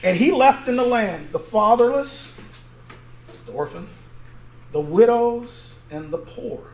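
High-voiced pastor teaching in an echoey church. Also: male voice, expressive, slow. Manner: conversational, asks the congregation to fill in words, reads scripture aloud. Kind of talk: interactive Bible teaching sermon. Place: church sanctuary. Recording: echoey church room, faint noise.

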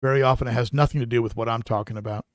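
A man's voice: medium pitch, fairly even intonation, very fast, dry recording, studio quality. A man hosting a live stream, chatting casually and reading out viewer comments, with lots of fillers and restarts. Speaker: aquarium channel host.

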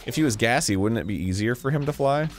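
A man joking and reacting loudly while watching a video game being played. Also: mid-range voice, fast, soft background music. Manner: excitable, jokey, prone to loud outbursts. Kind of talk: casual gaming commentary.

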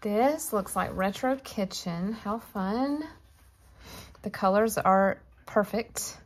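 A woman's voice: mid-range voice, slow pace, slight background noise. A woman chatting casually to her viewers as she shows off fabric she received, gushing and talking straight to the camera. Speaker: crafting vlogger. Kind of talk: casual show-and-tell chat.

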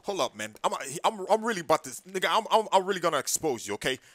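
A man's voice: high voice, big pitch swings, quick pace, fairly bright tone, no echo. A man playing a brash sing-song immigration officer. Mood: accusing. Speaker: skit creator. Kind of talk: comedy skit voice acting.

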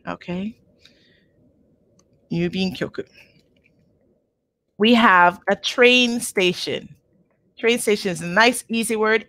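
Slow, patient woman teaching a lesson. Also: medium pitch, fairly bright tone, no echo. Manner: patient, checks in with frequent "okay?", models words slowly twice. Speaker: language teacher. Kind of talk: live online language lesson. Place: home.

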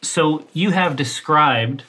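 A man's voice: a little high, slow, sharp tone, husky. A man running a tabletop horror game as keeper, with playful, theatrical phrasing. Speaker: game master.

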